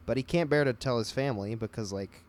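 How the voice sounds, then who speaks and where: A man's voice: mid-range voice, quick pace, a little mellow. A man in casual conversation about a film, making jokey, sarcastic asides. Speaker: podcast co-host.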